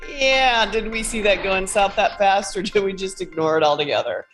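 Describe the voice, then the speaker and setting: A woman's voice: mid-range voice, moderate pace, a bit bright, faint music behind. A woman on a video call panel, speaking in a dry, offhand way in casual banter.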